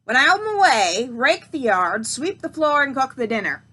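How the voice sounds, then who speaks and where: A woman voicing a cruel old witch who shouts her orders in a harsh, cackling voice. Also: medium pitch, moderate pace, lightly acted. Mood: commanding.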